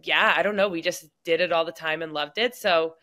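A woman guest on a casual podcast, talking in a relaxed, chatty way with lots of "like" fillers. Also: sits low, fairly quick. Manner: relaxed, chatty, many "like" fillers, laughs easily. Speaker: guest, professional hockey player. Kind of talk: casual interview chat.

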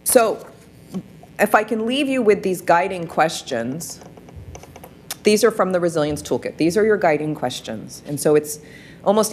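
A woman's voice: lowish voice, a little hiss or hum. A woman presenting a wellness workshop, coaching listeners through practices with frequent rhetorical questions. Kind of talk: guided practice talk.

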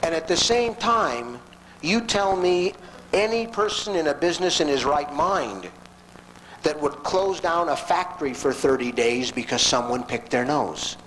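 A man giving a lecture as a story, animated and conversational, acting out the people in it. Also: on the high side, unhurried, slight background noise, low-quality recording. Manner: animated, conversational, acts out quotes.

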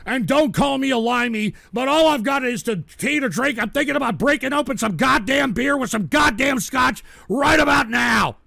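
A man hosting a live radio show, ranting and suddenly breaking into shouting and swearing. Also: extremely high pitch, moderate pace, vocal fry, few pauses, no echo, clean studio sound. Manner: excitable, bursts into shouting and swearing. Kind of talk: live call-in radio rant.

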